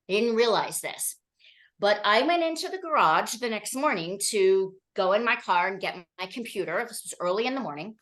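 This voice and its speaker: A woman giving a training talk to an audience, telling stories in an animated way and often checking in with "okay?" and "right?". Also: mid-range voice. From Colorado.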